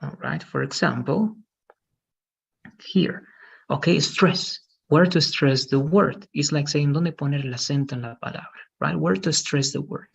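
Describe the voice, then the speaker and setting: A man teaching English in an online lesson. His voice is gravelly and somewhat husky, and the call audio sounds muffled. He explains patiently, tagging his points with "okay?" and "right?". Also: on the high side, normal speed.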